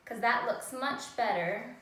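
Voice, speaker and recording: Slightly high, a bit slow, and a little bright, a woman's voice leads young children in learning to write sentences. She is patient and sing-song throughout this recorded class. The sound is echoey and comes from a distance.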